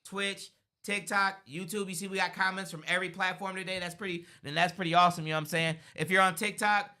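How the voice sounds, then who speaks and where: A man hosting a casual sports talk livestream, animated and chatty. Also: sits high, fast. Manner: animated, says "bro" and "you know what I'm saying". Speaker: sports show host.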